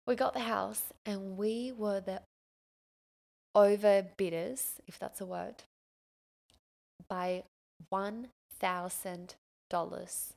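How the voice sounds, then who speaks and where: A woman in her thirties, hosting a podcast and telling a personal story in an animated, emotional way with many exclamations. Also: medium pitch, a little slow, gravelly. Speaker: podcast host.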